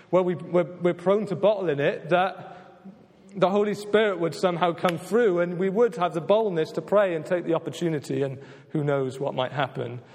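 A man's voice: sits high, darkish tone. A man preaching a sermon as a pastor, earnest and emphatic, often asking "right?" to his listeners. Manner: earnest, emphatic, repeats "just maybe" and "right?". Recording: long hall reverb.

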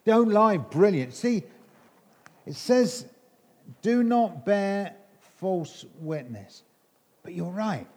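A man's voice: high voice, animated, drawn-out words, pauses often, a little mellow. A middle-aged English man preaching an all-age sermon, quizzing children in a playful, teasing way.

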